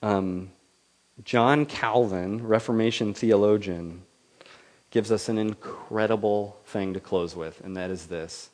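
A man preaching a sermon in a lively manner, swinging between loud declarations and soft, quiet asides, then leading a prayer. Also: on the low side, slow pace. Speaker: pastor.

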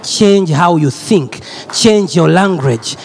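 A male preacher from Uganda giving a loud, energetic sermon, repeating phrases and drawing call and response from the congregation. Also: a little high, slow, vocal fry, slight background noise.

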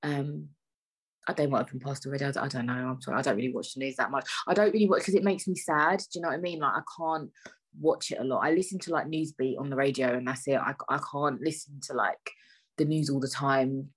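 A woman's voice: very deep voice, fairly even intonation, fast, breathy edge. A young woman hosting a solo podcast, talking frankly and with exasperation, swearing freely and leaning on fillers like "like" and "I don't know". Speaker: podcast host.

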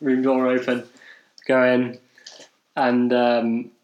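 A man from England, co-hosting a podcast, slowly and monotonously recounts a rambling story at his own expense, restarting often and leaning on fillers. His voice is medium-pitched, and the muffled recording carries a roomy echo.

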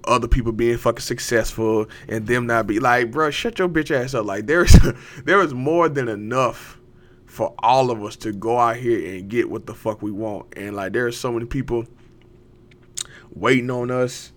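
A young man talks straight into the mic on his own podcast. His voice sits at a middle pitch. He rambles and swears, gets hyped and breaks into laughter. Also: moderate pace. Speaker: podcast host. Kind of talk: casual motivational monologue.

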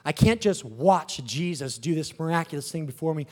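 Preacher doing a bold male disciple, low and earnest. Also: lively intonation, normal speed, darkish tone, long reverb tail. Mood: determined.

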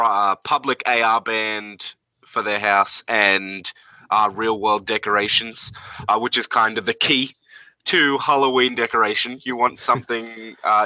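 A man's voice: fairly low pitch, sharp tone, no echo, poor audio. A man running a tabletop game as game master, describing scenes hesitantly with many fillers.

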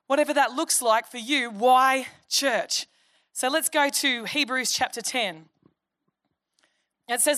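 Bright high-voiced Australian woman preaching. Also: takes it slowly, dry recording, studio quality. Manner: chatty, humorous, acts out quoted voices. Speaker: pastor. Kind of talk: sermon.

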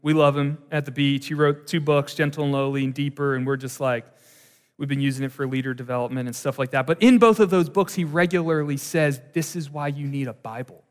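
Male pastor, slightly high voice, lively conversational preaching, long hall reverb. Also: fairly quick, clear, resonant tone. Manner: conversational, animated preaching with asides. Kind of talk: sermon.

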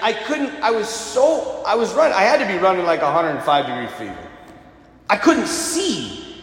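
A man telling an animated personal anecdote, retelling it dramatically with shouted bursts. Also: high-pitched. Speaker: storyteller. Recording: roomy hall with long reverb.

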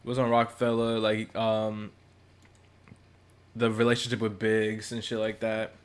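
A man co-hosting a podcast in casual chat, slangy and quick to laugh. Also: fairly low pitch, clean tone. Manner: laughing, slangy, animated banter. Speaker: podcast co-host.

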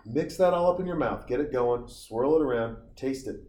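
Outdoors on summer vacation, a forties-aged man from Montana, USA, tells casual stories full of swearing and tangents. He speaks at a moderate pace in a medium-pitched, slightly mellow voice, recorded with roomy sound and faint ambience.

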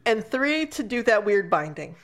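A woman co-hosting a casual book chat, sarcastic and animated, swearing freely as she rants about a novel. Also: on the high side, normal speed. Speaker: book podcast co-host.

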